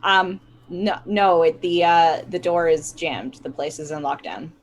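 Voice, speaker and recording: A woman playing a tabletop role-playing game, chatting playfully with the others at the table. Her voice sits somewhat low for a woman. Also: measured pace, slight background noise. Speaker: player. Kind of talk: casual chat.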